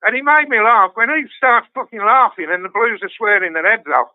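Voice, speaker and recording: A man's voice: high voice, a little fast, clear, resonant tone, no room sound. An older man in casual chat, telling stories with lots of swearing and laughter. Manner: swears constantly, storytelling with laughs. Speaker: guest fan. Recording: dry tinny phone line.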